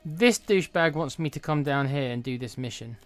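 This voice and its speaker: A man talks through his gameplay in a relaxed, blunt way, often muttering to himself. His voice sits a little on the high side. Faint music plays underneath. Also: a little fast, no echo. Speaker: gaming streamer. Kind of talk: casual gameplay commentary.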